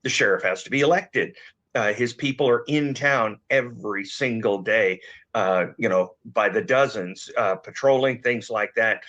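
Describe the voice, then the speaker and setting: A man with a slightly failing voice, a former investigator, giving measured analysis with frequent fillers. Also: fairly low pitch, a bit bright. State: losing his voice. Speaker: former law enforcement guest. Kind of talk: conversational expert analysis. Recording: dull lo-fi audio.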